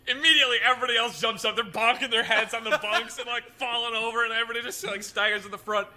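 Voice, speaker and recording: Bright, high-voiced storytelling man. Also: fast. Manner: animated, laughs through his lines. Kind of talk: comic storytelling.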